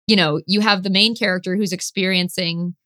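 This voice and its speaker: A woman chatting casually as a podcast guest, excitable and swearing casually, filling her talk with "you know". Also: fairly low pitch, a little fast. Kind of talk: casual chat.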